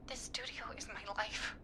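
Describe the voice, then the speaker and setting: A woman's voice: mid-range voice, bright, forceful tone, a little hiss or hum. An actress voicing an anxious, guilt-ridden woman who owns a studio, in a video game. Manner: hesitant, anxious.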